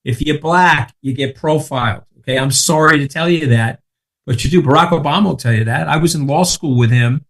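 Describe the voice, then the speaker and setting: A man's voice: on the high side, a little fast, fairly bright tone. A man in his sixties with a Long Island accent, telling stories as a podcast guest in a brash, emphatic way and swearing freely. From Long Island, New York. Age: 60s. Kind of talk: casual podcast chat.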